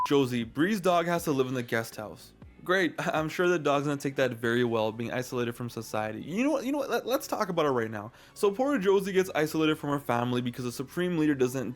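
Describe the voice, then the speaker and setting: A man doing a comedic, sarcastic commentary rant, full of exaggerated jokes. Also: fairly high pitch. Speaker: commentary video creator.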